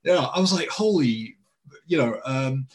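A man's voice: medium pitch, normal speed, a bit bright. A man in casual conversation, telling a story with lots of fillers and quoted dialogue.

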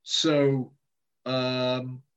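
A man's voice: medium pitch, completely flat delivery, drawn-out words, clean tone, highs cut off. A man in casual conversation as an interview guest, rambling and self-deprecating, with many fillers and restarts. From Britain.

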